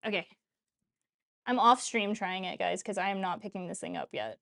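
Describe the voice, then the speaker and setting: A woman's voice: medium pitch, sing-song, normal speed, gravelly, fairly bright tone. A woman in her thirties chatting casually while hosting a cooking livestream, rambling and laughing often. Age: 30s. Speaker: cooking show streamer.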